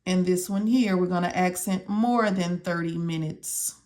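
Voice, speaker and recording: A woman's voice: fairly low pitch, a little mellow. A woman teaching medical coding, walking viewers step by step through a study lesson and repeating her instructions and questions as if they could answer. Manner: slow, repetitive, talks to viewers as if they can answer.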